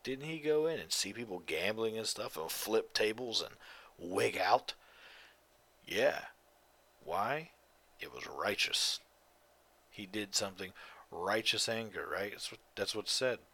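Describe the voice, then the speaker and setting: A man hosts his own podcast late at night, sounding tired and yawning between thoughts. His low voice has a bright, forceful edge, and he rambles, swears freely and hammers his points home. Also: animated, unhurried, long pauses. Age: adult. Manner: profane, rambling, emphatic. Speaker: podcast host. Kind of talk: casual solo monologue.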